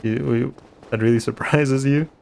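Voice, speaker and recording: A man's voice: mid-range voice, steady tone, normal speed, gravelly, a little mellow, a little hiss or hum. A man streaming a game, giving rambling, chatty commentary and swearing casually.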